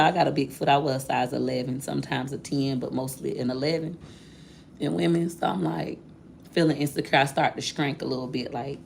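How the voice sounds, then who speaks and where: Low, gravelly woman telling a story. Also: steady tone, a little fast, a little mellow, a little hiss or hum. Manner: candid, chatty, addresses viewers directly. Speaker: vlogger. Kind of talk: casual storytelling to viewers.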